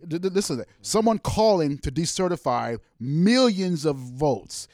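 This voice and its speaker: A middle-aged man from the American South chatting about politics, animated and apologetic, often repeating himself. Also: a little high, moderate pace, no echo, clean studio sound. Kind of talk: casual political chat.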